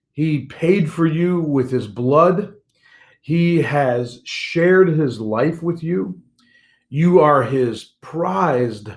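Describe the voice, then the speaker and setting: An older man gives a morning devotional as a pastor. His delivery is earnest and personal, and he circles back over key phrases for emphasis. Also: a little high. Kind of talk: devotional sermon message.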